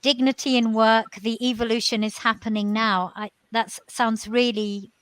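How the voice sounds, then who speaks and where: A woman with a fairly high voice leads the interview. She muses aloud and asks encouraging questions, and the sound is dry, with no room echo. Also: flat delivery, moderate pace, clear, resonant tone. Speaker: host.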